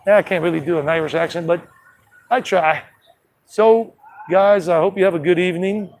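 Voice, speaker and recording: Holding his phone out at arm's length on a city street, a man hosts a relaxed travel live stream, talking freely and frequently starting sentences over. He has a high, slightly mellow voice and speaks at a normal speed.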